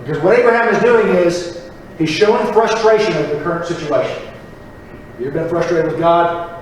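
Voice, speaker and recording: A man preaching a sermon in a church, acting out prayers in a lively, conversational way. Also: on the high side, fairly quick, slight background noise. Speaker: pastor. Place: church chapel. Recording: echoey church recording from far off.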